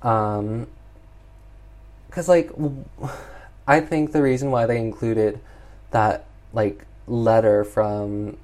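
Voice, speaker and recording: A casual, exasperated reviewer walks through a film's plot, peppering every sentence with "like" and "um." The voice sits at an ordinary middle pitch. The delivery is loose, rambling and openly fed up. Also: fairly even intonation, slow pace, long pauses, a little mellow. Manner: chatty, exasperated, heavy use of "like". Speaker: film reviewer. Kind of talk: casual film recap.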